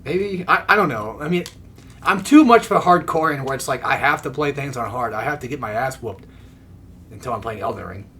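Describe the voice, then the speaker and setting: A man hosting a casual gaming chat, trading quick jokes with a friend. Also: mid-range voice, lively intonation, bright, forceful tone. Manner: joking, quick banter. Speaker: gaming channel host.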